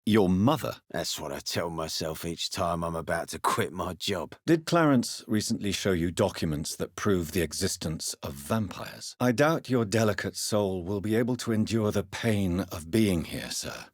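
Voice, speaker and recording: An actor playing a grave young male vampire doctor in a game, speaking in a measured, calm and probing way. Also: low voice, no room sound, studio quality. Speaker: video game character. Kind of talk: game voice lines.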